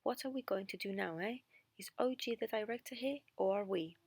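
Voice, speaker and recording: A woman voicing a hot-tempered male opera director in a storybook reading, indignant and loud. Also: medium pitch, brisk, slightly rough, no echo. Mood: angry. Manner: shouting, indignant.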